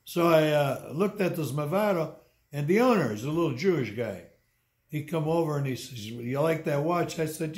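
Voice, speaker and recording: A man in his eighties telling blunt, gruff stories about running tours, in a casual sit-down interview at home. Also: a little high. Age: 80s. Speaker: interviewee and tour guide. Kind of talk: casual storytelling. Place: indoors at home.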